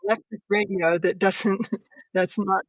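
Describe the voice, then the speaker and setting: An older woman, a podcast guest, earnestly and emotionally telling a personal story, laughing softly between sentences. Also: medium pitch, fairly even intonation, measured pace, no room sound.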